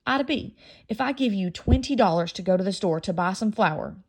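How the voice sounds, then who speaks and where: A woman reading aloud, voicing a patient mother who gently coaxes her daughter through a homeschool lesson. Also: medium pitch, animated, a little fast.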